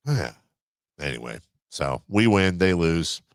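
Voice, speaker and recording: A man co-hosting a sports radio show, bantering in an animated, emphatic way. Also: sits low, vocal fry, clean tone, dry recording. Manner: animated, quick to jump in, emphatic. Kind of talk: casual studio banter.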